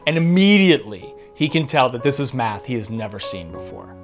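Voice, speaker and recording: Guy hosting a podcast, earnest storytelling, mid pitch, soft guitar behind. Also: sing-song, fairly quick. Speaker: podcast host. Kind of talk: storytelling narration. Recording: faint guitar music behind. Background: soft guitar music.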